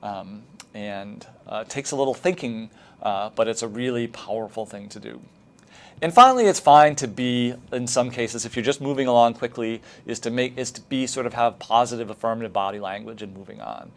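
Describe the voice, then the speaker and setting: Man giving a relaxed training lecture. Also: medium pitch, brisk. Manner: relaxed, explanatory, with frequent fillers and acted teacher lines. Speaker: teacher trainer.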